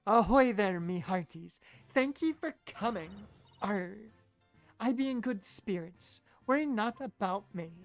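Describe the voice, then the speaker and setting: A woman voicing a young woman faking a hearty pirate, gruff and boisterous. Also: mid-range voice, lively intonation, unhurried, faint music behind.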